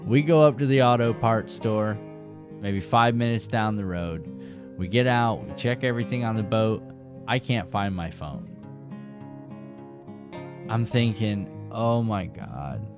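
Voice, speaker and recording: A man hosting a fishing show, telling a rambling, animated story straight to his viewers. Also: on the low side, measured pace, long pauses, over music.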